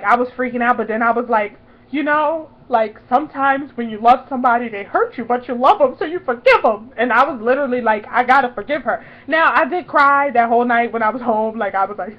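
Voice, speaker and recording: Young woman vlogger, twenties, higher voice, chatty storyteller, dull lo-fi home audio. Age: 20s. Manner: chatty, fills talk with "like", acts out her own past lines loudly. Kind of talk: casual storytelling vlog.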